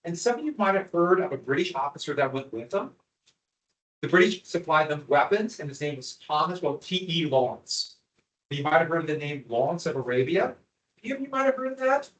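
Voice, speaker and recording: A man's voice: on the high side, a little fast, fairly bright tone, low-quality recording. A man teaching a history class over maps and slides, chatty, with asides and rhetorical questions to his students.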